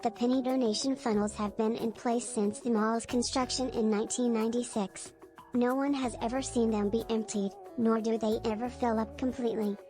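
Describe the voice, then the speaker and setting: A woman's voice: fairly high pitch, flat delivery, moderate pace, mellow, faint music behind, natural voice. A woman reading scripted trivia as an in-game announcer, matter-of-fact. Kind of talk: scripted narration.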